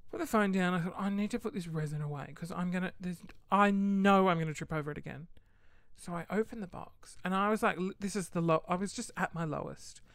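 Brief: young woman vlogger, lowish voice, dry close sound, lively, laughs through the story. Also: fairly quick, dry recording. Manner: animated, laughing, swearing freely. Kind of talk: casual storytime.

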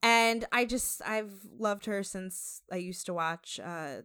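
A woman's voice: mid-range voice, takes it slowly, clear, resonant tone. An American woman co-hosting a podcast, recapping a show in casual, chatty talk full of fillers. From United States. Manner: chatty, animated, many fillers. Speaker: podcast co-host.

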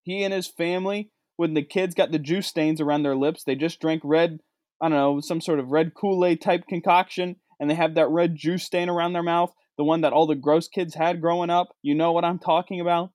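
A man delivering a sarcastic comedic rant, swinging between low mutters and high outbursts. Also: steady tone, a little fast, darkish tone, dry recording, clean studio sound. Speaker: comedic vlogger.

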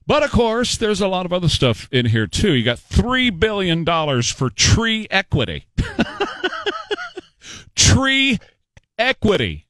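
A man's voice: high-pitched, very animated, moderate pace, hardly any pauses, fairly bright tone, dry recording. A man hosting a talk radio show, delivering an emphatic, sarcastic political monologue with rhetorical questions.

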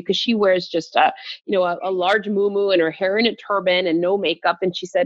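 A woman guest speaker telling an expressive story in conversation, laughing as she goes. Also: lowish voice, brisk, dry recording. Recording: dull, dry, muffled sound.

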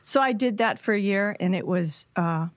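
A woman guest in a casual chat, telling a personal story in an animated way with frequent laughs. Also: medium pitch, normal speed, dry recording. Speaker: podcast guest.

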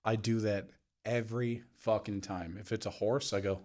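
A man's voice: fairly low pitch, steady tone, moderate pace, a little mellow. Profane, laughing man in casual chat. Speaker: podcast co-host.

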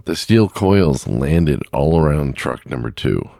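A man's voice: very deep voice, big pitch swings, takes it slowly, creaky, mellow, no echo, clean studio sound. A middle-aged man, a truck driver, telling a story in a blunt, rambling, plain-spoken way. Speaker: long-haul truck driver. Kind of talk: casual storytelling to camera.

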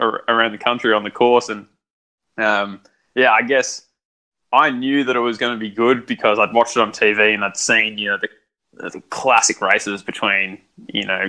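Man, young, bright tone, chatty storyteller, fillers and restarts. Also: on the low side. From Australia. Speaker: guest, son. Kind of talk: casual conversation.

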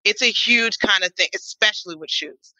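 A woman co-hosting a casual podcast chat, animated and emphatic, swearing freely. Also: medium pitch, normal speed, no echo, poor audio. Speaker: podcast co-host.

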